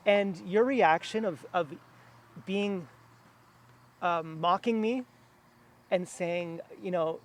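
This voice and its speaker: A man's voice: sits high, unhurried. A man talking to camera in a rambling personal monologue, meandering, with many fillers and restarts. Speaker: vlogger. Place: outdoors near a house.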